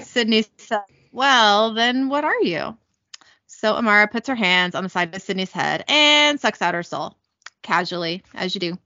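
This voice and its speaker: A woman casually recapping a TV episode, reading out the dialogue in quick voices and correcting herself as she goes. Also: mid-range voice, expressive, bright, forceful tone, no room sound, lo-fi sound. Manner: reads lines in quick character voices, self-correcting. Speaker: podcast host recapping an episode.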